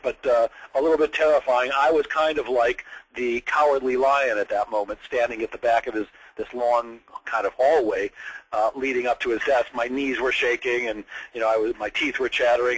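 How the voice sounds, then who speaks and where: A man's voice: mid-range voice, a little fast, husky, rough recording. A man telling a story from his sales career in a training session, acting out other people's lines as he goes. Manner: animated storyteller, acts out quoted voices.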